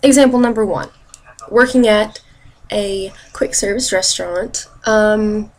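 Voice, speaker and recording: A young woman in her twenties telling sarcastic, animated stories to her camera in a casual vlog. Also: medium pitch, unhurried. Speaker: vlogger.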